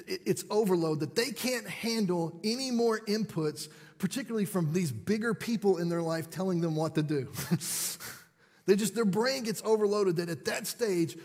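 A man telling parenting stories to an audience in an animated, self-deprecating way. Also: high-pitched, breathy edge, in a large hall. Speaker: parent and speaker. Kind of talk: storytelling talk to an audience.

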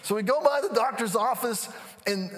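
A man in his thirties preaching a sermon, telling a family story with acted-out voices, then slowing down to a quiet, drawn-out delivery. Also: extremely high pitch, long reverb tail. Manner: animated storytelling, acting out quotes, then slow and hushed. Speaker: pastor. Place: church sanctuary.

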